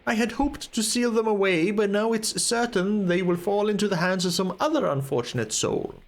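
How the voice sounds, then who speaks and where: A man's voice: high voice, moderate pace, pitched above the performer's own voice. A man voicing a grave, weary old wizard. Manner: formal, grave old-fashioned speech. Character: stern old male wizard, weary and cautioning.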